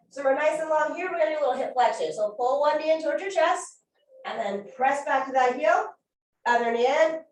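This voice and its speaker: A woman fitness instructor leading a core workout class with upbeat, encouraging, chatty cues. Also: high voice. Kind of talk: guided workout class cueing. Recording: echoey room from far off mic.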